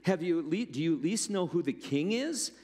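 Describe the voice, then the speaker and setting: A man voicing a foolish, earnest male servant who asks astonished, high questions. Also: expressive, brisk, darkish tone. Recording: long hall reverb.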